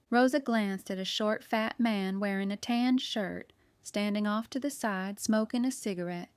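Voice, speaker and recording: Woman audiobook narrator, smooth voice, dry studio-close read. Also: medium pitch, measured pace, few pauses, no room sound. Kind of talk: scripted narration.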